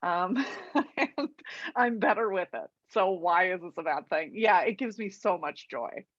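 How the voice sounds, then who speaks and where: A woman's voice: lowish voice, expressive, unhurried, no echo, dull audio. A woman hosting a casual podcast chat, reacting with laughs and casual swearing and asking her guests questions. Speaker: podcast host.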